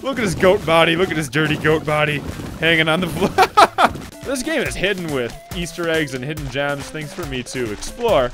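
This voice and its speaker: Young let's play host, excitable and shrieking, over clear game music. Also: medium pitch, normal speed. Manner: excitable, bursts into shrieks and laughter. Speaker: gaming video host.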